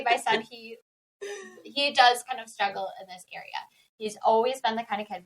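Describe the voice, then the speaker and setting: An animated woman co-hosting a casual podcast, her voice sitting in a middle register. She talks emphatically and breaks into laughter often. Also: mid-range voice, rough recording. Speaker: podcast co-host, dyslexia interventionist.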